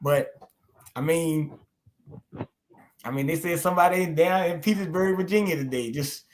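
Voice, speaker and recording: A man's voice: a little high, normal speed, slight background noise. A middle-aged man hosting a casual chat, telling stories in a laid-back, drawling way and laughing often. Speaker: host.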